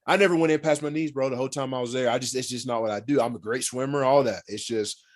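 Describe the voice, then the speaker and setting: A man's voice: medium pitch, quick pace. Guy on a podcast telling a fishing story, all fired up, cussing, acts out the quotes. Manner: animated, swears freely, acts out quotes. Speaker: podcast guest, former pro football player. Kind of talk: casual storytelling.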